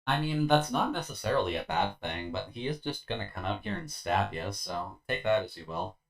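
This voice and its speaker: Narrating his game in a relaxed, meandering way, a tired streamer leans on fillers and lets some words slur slightly. His voice sits on the low side and is gravelly, animated, brisk and a little bright.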